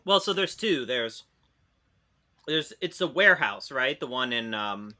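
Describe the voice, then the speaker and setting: A man telling a funny story on a casual podcast. He is animated, swears freely and often laughs. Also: medium pitch, a little slow. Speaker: podcast co-host.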